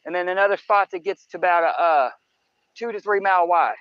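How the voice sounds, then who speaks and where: A man's voice: high voice, fairly quick, smooth, no room sound, dull audio. A man hosting a fishing livestream on a riverbank at night, rambling in a folksy way to his viewers. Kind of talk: casual live-stream chat. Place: outdoors on a riverbank by woods at night. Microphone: camera-mounted microphone near water.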